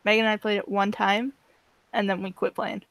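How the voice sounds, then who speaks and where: A woman's voice: mid-range voice, little pitch movement, fairly quick, gravelly, fairly bright tone, no room sound. Frank woman chatting on a podcast. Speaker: podcast co-host. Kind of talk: casual chat.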